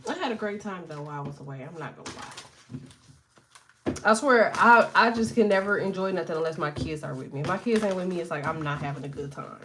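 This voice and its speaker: A woman's voice: lowish voice, lively intonation, quick pace, background noise. A woman in her thirties with allergies, chatting casually and animatedly as a livestream host, joking, swearing and laughing often.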